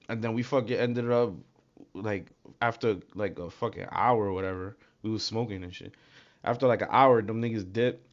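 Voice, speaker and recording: A man's voice: medium pitch, dull audio. A man from Brooklyn with a New York accent, a streamer telling a story to his chat in a casual, profane, streetwise way. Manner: profane and streetwise, gets loud and animated retelling events. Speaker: livestream host.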